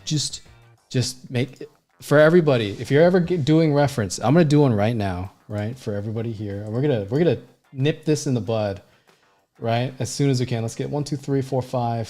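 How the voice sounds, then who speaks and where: A man's voice: medium pitch, mellow. Blunt, profane male art teacher. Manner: blunt and profane, heavy fillers like "you know what I mean"; emphatic, rambling with frequent restarts. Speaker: art instructor and designer. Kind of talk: casual livestream teaching.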